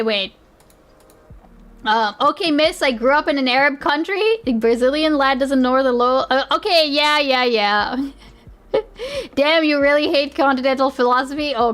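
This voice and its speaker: A woman's voice: sits high, a bit bright. A woman streamer reacting live to videos, giggly and rambling, with lots of fillers.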